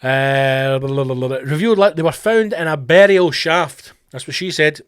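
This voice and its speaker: A middle-aged man with a Scottish accent, hosting his own podcast in a profane comedic rant, sweary and animated. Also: fairly high pitch, normal speed, smooth, dry recording, studio quality. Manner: sweary, animated, slips into mock voices. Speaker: podcast host.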